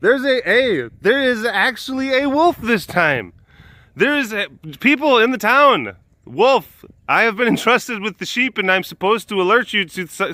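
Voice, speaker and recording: A man voicing a panicked young shepherd boy who yells that a wolf is coming. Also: no room sound, full character voice. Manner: shrill, panicked yelling.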